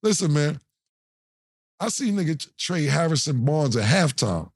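Animated male podcast co-host, dry sound. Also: on the high side, normal speed, slightly rough, dry recording. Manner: animated storytelling, acts out quotes and laughs often. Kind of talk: casual chat.

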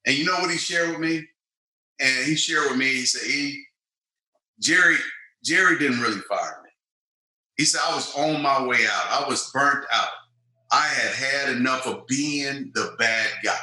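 Animated storytelling man, bright echoey voice. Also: medium pitch, normal speed. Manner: animated storyteller, acts out quotes. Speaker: guest, former football player. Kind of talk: storytelling interview.

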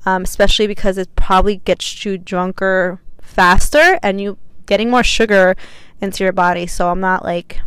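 A woman's voice: medium pitch, clean tone, dry recording. A young woman in her twenties hosting her own podcast, chatting casually and bubbly with lots of fillers. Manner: chatty and bubbly, many fillers, laughs often. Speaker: podcast host. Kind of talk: casual solo podcast chat.

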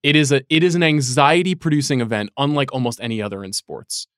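A man's voice: medium pitch, quick pace, fairly bright tone, smooth, no echo, clean studio sound. A man on a sports podcast panel, arguing an outlandish take with mock seriousness in casual debate.

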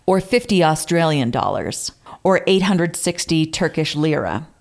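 A woman's voice: low-pitched, sing-song, unhurried, vocal fry, a little mellow. Amused woman reading old letters aloud. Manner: amused, reads quotes with theatrical flourish. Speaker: podcast co-host.

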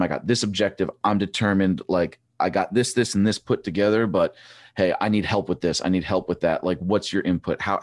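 Deep-voiced man telling stories, dry sound. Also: no echo. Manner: rambling, animated storytelling with repeated restarts. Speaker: podcast guest, former track cyclist. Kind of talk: casual chat.

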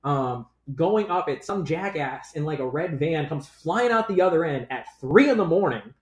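A man's voice: on the high side, expressive, normal speed, roomy sound. A young man, a podcast co-host, rambling through a story in casual chat with lots of fillers and swearing.

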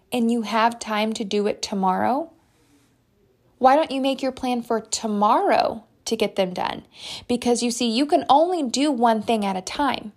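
A woman's voice: on the high side, a little mellow. A middle-aged woman giving an earnest, encouraging motivational talk straight to her listeners. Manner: earnest, encouraging, direct address. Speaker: motivational speaker.

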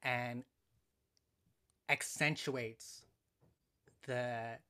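A man appearing as a podcast guest, talking in a thoughtful, measured way with frequent pauses and ums. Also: medium pitch, steady tone, pushed and bright, clear, resonant tone. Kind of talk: casual conversational analysis.

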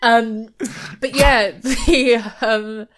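A woman co-hosting a podcast in casual chat, telling stories in a lively way and acting out quotes. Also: on the high side, extremely slow. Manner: lively storytelling, acts out quotes, laughs often. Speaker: podcast co-host.

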